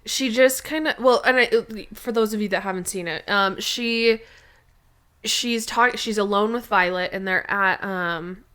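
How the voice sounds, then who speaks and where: A woman talking in a relaxed, chatty way as she co-hosts a podcast. She gushes about what she loves, circling back and restarting her sentences, with plenty of fillers and a voice pitched in the middle range. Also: measured pace, clear, resonant tone. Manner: gushing, rambling with many restarts and fillers. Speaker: podcast co-host. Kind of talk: casual chat.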